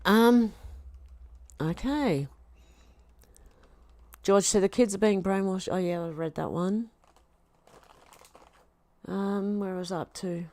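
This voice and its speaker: A woman's voice: medium pitch, takes it slowly, pauses often, darkish tone, dry recording. Chatty Australian woman reading comments. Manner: chatty, reads chat comments aloud, scolds her cat. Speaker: vlogger reading live chat. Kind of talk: casual live-stream chat.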